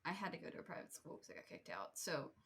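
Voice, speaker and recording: A woman's voice: deep voice, sing-song, fast talker, a bit bright, husky. A young woman co-hosting a podcast in casual chat, blunt and joking, cheering her co-host on.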